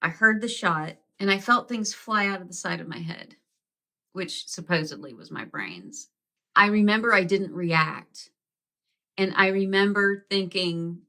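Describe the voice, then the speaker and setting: A woman speaks with a bright, forward tone at an everyday middle pitch. She tells a personal story straight to her viewers, candid and conversational, with casual swearing. She acts out her own quoted words as she goes. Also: measured pace. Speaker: vlogger.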